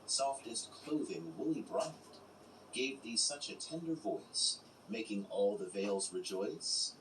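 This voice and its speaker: A man reciting poems in a slow, measured, unhurried way, as an audiobook reader. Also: medium pitch. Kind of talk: slow poetry reading. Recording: roomy, distant mic with background noise.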